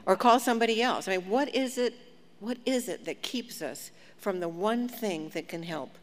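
A woman preaching a sermon, telling a personal story with lively, self-mocking humor. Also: medium pitch, normal speed. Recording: long hall reverb, faint background noise.

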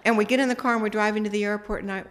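A woman's voice: medium pitch, fairly even intonation, very fast. A middle-aged woman giving a sermon, telling a personal story in a conversational way and acting out the dialogue. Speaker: speaker.

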